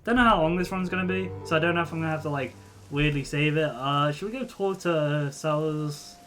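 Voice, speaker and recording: A man's voice: fairly high pitch, fairly quick, a bit bright, soft background music. A male streamer giving casual gameplay commentary, rambling and restarting his sentences. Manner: rambling, trails off and restarts a lot.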